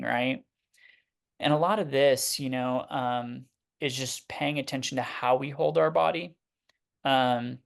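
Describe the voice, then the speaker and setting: A man's voice: mid-range voice, vocal fry. A man working as a therapist, explaining ideas in a casual, conversational way, sometimes swearing and acting out examples of inner self-talk. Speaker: therapist guest.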